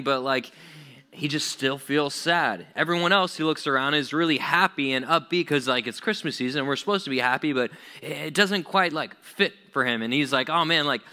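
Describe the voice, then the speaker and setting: A man's voice: fairly high pitch, pushed and bright, clear, resonant tone. A young man preaching a casual youth sermon, loose and chatty, full of "like"s and acted-out quotes. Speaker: youth pastor.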